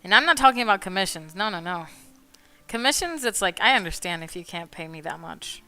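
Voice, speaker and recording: Bright clear-voiced woman rambling and swearing on her art stream, laughs a lot, soft music under it. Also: medium pitch, animated, fairly quick. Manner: swears freely, laughs often, mock-indignant rants. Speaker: artist streaming while drawing. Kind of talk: casual chat.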